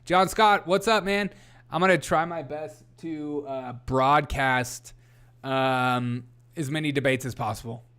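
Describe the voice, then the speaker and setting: A man's voice: on the high side, unhurried, fairly bright tone, clear, resonant tone. A young man hosting a casual political livestream, reading headlines aloud, greeting chat viewers and often laughing.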